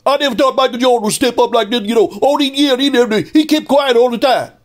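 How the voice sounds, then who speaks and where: A man doing a loud excitable sportscaster. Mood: mocking. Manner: fast, high, shouty caricature. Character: mocking male sportscaster impression, loud, excitable.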